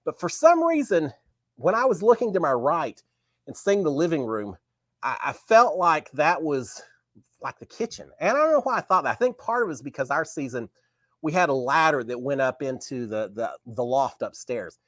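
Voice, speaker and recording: Lively man telling a story. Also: on the high side, normal speed, dry recording. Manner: animated, acts out remembered dialogue. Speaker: host of a live talk show. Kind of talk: casual storytelling.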